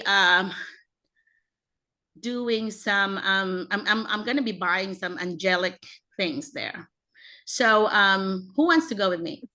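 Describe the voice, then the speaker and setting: A woman leading a teacher-training roundtable on a video call, talking in a lively way and often laughing. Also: unhurried. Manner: animated, acts out teaching voices with big pitch jumps and frequent laughs.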